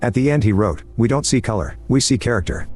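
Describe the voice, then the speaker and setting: A man reading a first-person story aloud in an even, measured scripted narration. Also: mid-range voice, breathy edge. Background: faint background music.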